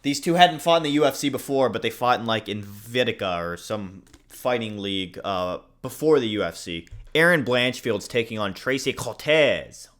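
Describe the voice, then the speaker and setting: A man's voice: on the low side, normal speed, hardly any pauses. A man hosting a casual fight prediction video, rambling, blunt and joking at his own slips. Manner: rambling, blunt, swears, jokes at himself. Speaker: host giving fight predictions. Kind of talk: casual commentary.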